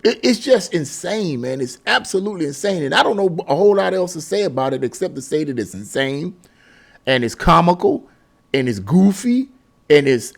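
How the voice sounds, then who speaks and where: A man vents to his viewers in a casual commentary monologue, exasperated and preachy, circling back to the same points. His voice swoops up and down with a lively, fairly high pitch, and he breaks into short laughs between remarks. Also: moderate pace, creaky. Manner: laughs mid-sentence. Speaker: political commentary vlogger.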